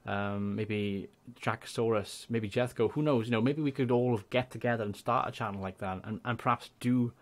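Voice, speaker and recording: A young man with a Welsh accent, a gaming YouTuber chatting casually and rambling through channel shout-outs. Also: mid-range voice, steady tone, normal speed, few pauses. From Wales. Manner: chatty, rambling, laughs often.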